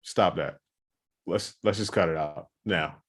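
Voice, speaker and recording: A man's voice: sits low, measured pace. A man co-hosting a podcast, chatting casually and joking about scams. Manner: jokey, acts out calls in put-on voices. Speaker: podcast co-host. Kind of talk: casual chat.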